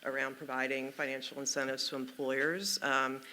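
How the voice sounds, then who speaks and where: A man speaking as a policy panelist, measured and articulate with occasional fillers. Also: mid-range voice, level tone, pushed and bright, slight background noise. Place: conference meeting room.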